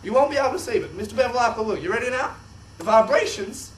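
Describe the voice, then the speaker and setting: A young man presenting a kids' science show in an exaggerated, excitable host voice. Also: extremely high pitch, fast, slight background noise. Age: young adult. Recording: echoey room, distant mic.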